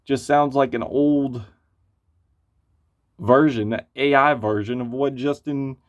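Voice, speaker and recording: A man's voice: mid-range voice, steady tone, slow pace. Blunt man with a muffled lo-fi sound. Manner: blunt, profane, rambling with many fillers. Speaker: album reviewer. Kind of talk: casual spoken album review. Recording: muffled lo-fi recording.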